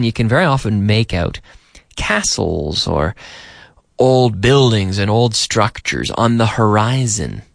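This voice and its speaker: Lively low-voiced male radio teacher. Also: gravelly, dry recording, studio quality. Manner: lively, repeats and rephrases for learners. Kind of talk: radio language lesson. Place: radio studio. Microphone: studio microphone.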